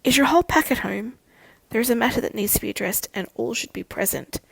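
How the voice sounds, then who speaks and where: A woman voicing a young female werewolf pack leader who speaks with calm authority, gravelly and husky. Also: fairly high pitch, fast talker, no room sound, full character voice, poor audio. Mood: commanding.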